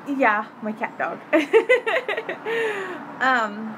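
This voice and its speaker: A woman's voice: sits high, sing-song, very slow, noisy background. A woman chatting casually on a live stream from her phone at home, giggling often. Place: home apartment. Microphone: phone held up.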